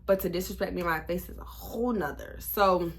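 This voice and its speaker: A woman in her twenties telling a storytime vlog in a blunt, animated, profane way. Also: on the low side, fairly quick. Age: 20s. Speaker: vlogger.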